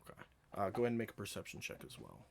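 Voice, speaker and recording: A man running a tabletop game as dungeon master, relaxed and laughing often between his descriptions. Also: fairly low pitch, very fast, gravelly, noisy background.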